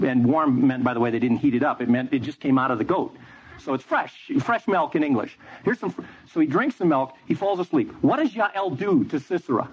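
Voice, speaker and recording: A man's voice: on the high side, lively intonation, brisk, slightly rough. A man preaching a sermon, telling a story with energy and quizzing the audience. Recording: dull lo-fi with faint noise.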